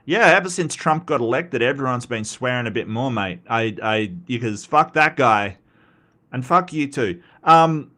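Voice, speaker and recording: A man's voice: mid-range voice, expressive, a little slow, pushed and bright. An Australian man hosting a casual commentary show, rambling and blunt, swearing freely and answering his chat. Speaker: commentary host.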